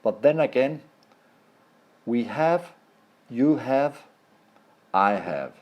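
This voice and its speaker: A man from Denmark with a Danish accent, a native Danish speaker, explaining a language lesson over slides and pausing often to find his words. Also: medium pitch, lively intonation, highs cut off. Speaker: language teacher.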